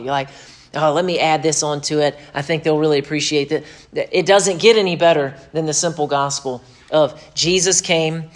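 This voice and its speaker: A pastor preaches with emphasis, punching key phrases and dropping into quick asides. He slips into mocking voices when he quotes others. His voice sits a little high for a man. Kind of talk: sermon.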